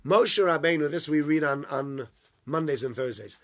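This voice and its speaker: A man giving a weekly Torah lesson as an animated storyteller who acts out dialogue. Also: on the high side, moderate pace. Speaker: Torah teacher.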